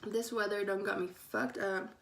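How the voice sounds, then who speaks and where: A woman's voice: medium pitch, level tone, moderate pace, gravelly, a bit bright. A young woman chatting casually as she does her makeup, sassy and sarcastic, swearing freely. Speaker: beauty vlogger. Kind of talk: casual get-ready-with-me chat.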